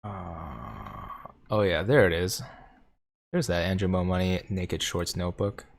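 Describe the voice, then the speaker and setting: Male livestream host, lower register, casual and jokey, answers viewers' chat. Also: unhurried, vocal fry, slight background noise. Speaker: stock market livestream host.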